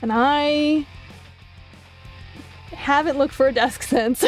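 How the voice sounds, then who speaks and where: A woman with a high voice chats casually on stream while drawing. She swears freely and tells stories animatedly, slipping into mocking voices for other people. Faint music plays quietly in the background. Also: slow. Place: home streaming setup.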